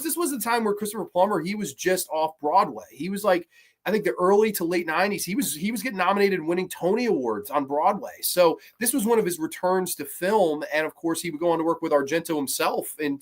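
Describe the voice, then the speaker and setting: A man's voice: high voice, quick pace. A man hosting a horror movie review show, talking casually, swearing often and acting out scenes as he rambles through the plot. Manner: animated, swears often, acts out scenes in quotes; rambling with restarts and asides. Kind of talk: casual film review podcast.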